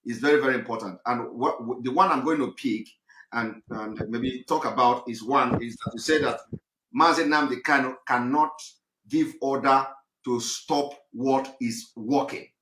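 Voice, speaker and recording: A man hosting a talk show and moderating a caller, speaking haltingly with many fillers and restarts. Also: medium pitch, a bit bright, echoey room, a little hiss or hum. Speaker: host.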